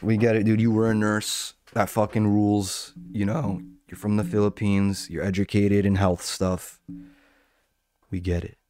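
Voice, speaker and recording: A man's voice: on the low side, little pitch movement, measured pace, darkish tone. A man ranting casually about online drama, profane and rambling, often breaking off and jumping between points. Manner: profane, rambling, self-interrupting. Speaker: commentator.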